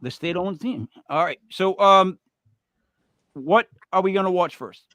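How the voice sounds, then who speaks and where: A man with a New York Italian accent, co-hosting a casual chat with animated, joking talk. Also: high-pitched, unhurried, no room sound. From Rhode Island. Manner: animated, talks over others, joking. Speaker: co-host.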